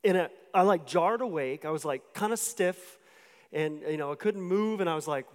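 A man's voice: a little high, normal speed. A man preaching a sermon, telling a personal story in a loose, conversational way, often restarting his words and talking straight to the listeners. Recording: long hall reverb.

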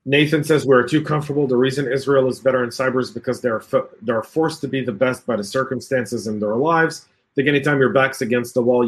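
A man hosting a live video-call stream, reading viewer comments aloud and acting out the quoted voices with a laugh. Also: mid-range voice. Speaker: podcast host.

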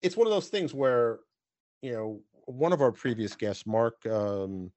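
A middle-aged man with a New York accent, hosting a casual panel chat and telling animated stories with many fillers. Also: medium pitch, measured pace, no room sound. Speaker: podcast host.

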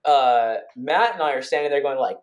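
A man co-hosting a podcast, recounting events in a casual, rambling way with many restarts and quick bursts. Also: medium pitch, lively intonation. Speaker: podcast co-host. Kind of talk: casual conversational storytelling.

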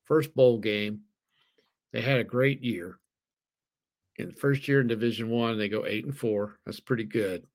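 A man's voice: mid-range voice, fairly even intonation, measured pace, long pauses. Easygoing man giving betting picks. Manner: easygoing, thinks aloud with fillers, laughs at himself. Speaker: sports betting podcast co-host. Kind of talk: casual sports betting chat.

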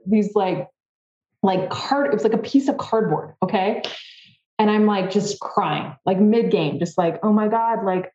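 A woman guest on a podcast, telling a story in a casual, animated way with a lot of "like". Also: medium pitch, reverberant, dull audio. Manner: animated, fillers with "like", acts out her own thoughts. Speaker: podcast guest, former softball player.

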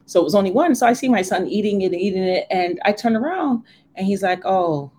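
A woman co-hosting a casual faith discussion, an animated storyteller who acts out the voices she quotes. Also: medium pitch, brisk, a little hiss or hum.

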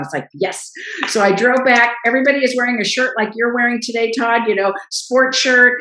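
A middle-aged woman, a guest in a casual interview, telling stories lively and acting out what others said. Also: a little high, normal speed, roomy sound, rough recording. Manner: animated storyteller, acts out quoted voices.

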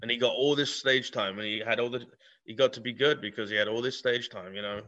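Bright-toned blunt man, lo-fi sound. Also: mid-range voice, fairly even intonation, fast talker. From England. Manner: blunt, swearing, laughs often. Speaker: guest comedian. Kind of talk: casual podcast chat.

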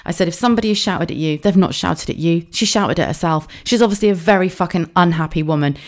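Low-voiced, sweary chatty woman. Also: fast talker. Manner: chatty, sweary storytelling with frequent laughs. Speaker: podcast host. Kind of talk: casual monologue.

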